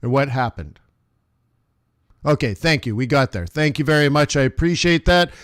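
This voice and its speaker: A man's voice: mid-range voice, lively intonation, normal speed, dry recording, clean studio sound. A man in his forties, a forex trader hosting a live trading stream and talking viewers through the markets in a chatty, emphatic way.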